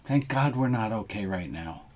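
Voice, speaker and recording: Low-voiced rabbi, casual and joking. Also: male voice, lively intonation, normal speed, darkish tone. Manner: casual and self-deprecating, with bad dad jokes. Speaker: rabbi leading a service. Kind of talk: informal service announcements.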